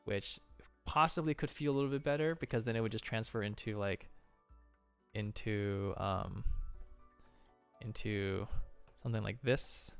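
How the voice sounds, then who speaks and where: A man's voice: fairly low pitch, measured pace, gravelly, fairly bright tone, clean tone, faint music behind. A man casually breaking down animation on a stream, enthusiastic with playful exclamations.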